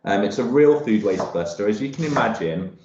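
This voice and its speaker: A man's voice: fairly low pitch, expressive, brisk, darkish tone, slight background noise. A man hosting an online cooking workshop, talking casually and rambling with many ums and restarts while he cooks in a home kitchen on a video call. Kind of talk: casual live cooking demo talk. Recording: roomy, dull video call audio.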